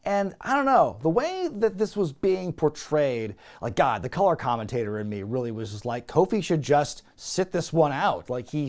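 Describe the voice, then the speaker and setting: A man's voice: mid-range voice, a little mellow. A man hosting a wrestling recap podcast, talking in a casual, jokey way and acting out quotes in put-on voices.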